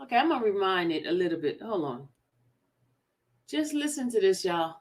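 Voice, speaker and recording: A woman's voice: mid-range voice, very animated, normal speed. A woman hosting a casual livestream, chatting directly with her viewers. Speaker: livestream host.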